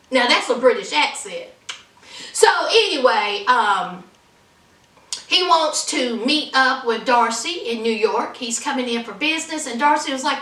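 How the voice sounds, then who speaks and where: A woman's voice: a little high, expressive, normal speed, fairly bright tone, echoey room, distant mic. A woman hosting a casual recap show, gossiping about reality TV in a sassy, dramatic way. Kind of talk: casual commentary.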